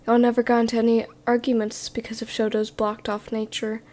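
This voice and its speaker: A woman narrating a second-person story in a whispered role-play, in a hushed voice. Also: fairly high pitch, monotone, brisk.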